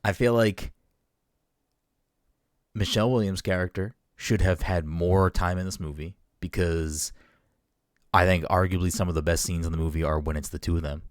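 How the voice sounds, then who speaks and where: Opinionated low-voiced man, dry sound. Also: steady tone, normal speed, pauses often, no echo. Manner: swears freely, emphatic and opinionated. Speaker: podcast co-host. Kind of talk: casual chat.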